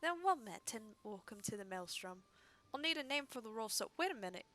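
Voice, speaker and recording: Loud commanding male naval officer, read by a woman streamer, a bit high-pitched. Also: expressive, a little fast. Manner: commanding, barking orders.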